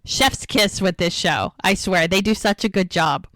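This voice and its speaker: A woman's voice: mid-range voice, unhurried, dry recording. A woman co-hosting a podcast, casually recapping an episode and acting out the characters' lines as she goes. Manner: animated retelling, acts out quoted lines.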